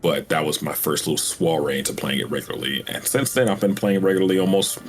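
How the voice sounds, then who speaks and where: A man's voice: a bass voice, fast talker, soft background music. A man casually introducing his tabletop character in an easygoing, rambling way. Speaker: player.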